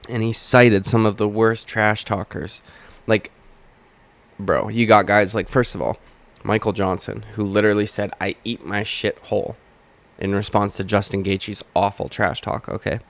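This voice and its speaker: A man's voice: on the low side, level tone, normal speed, vocal fry. A man hosting a heated, profane commentary video, talking straight to his camera as he argues his points. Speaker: MMA commentary channel host. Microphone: webcam or camera mic.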